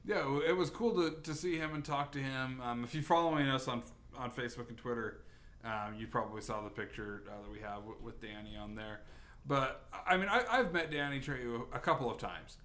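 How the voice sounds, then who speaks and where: A man's voice: medium pitch, fairly quick, a bit bright. A man hosting a podcast, rambling through a casual chat with many restarts. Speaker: podcast host.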